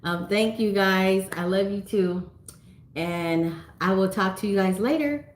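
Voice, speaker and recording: A woman's voice: medium pitch, measured pace, roomy sound. A middle-aged woman from California hosting a casual livestream on her phone, chatting and reading viewer comments aloud with frequent laughs. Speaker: livestream host.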